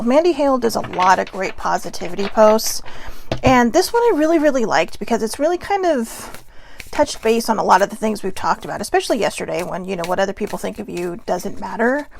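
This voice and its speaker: A woman's voice: medium pitch, gravelly, a little hiss or hum. A tired woman hosting her daily live video show from home on a personal mic, rambling chattily with lots of filler words and self-deprecating asides. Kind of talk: casual rambling morning chat.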